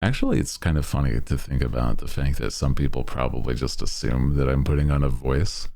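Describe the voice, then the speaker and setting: A man's voice: brisk, gravelly, mellow. A young man streaming, chatting casually with viewers in a laid-back, rambling way, laughing often. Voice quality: very deep.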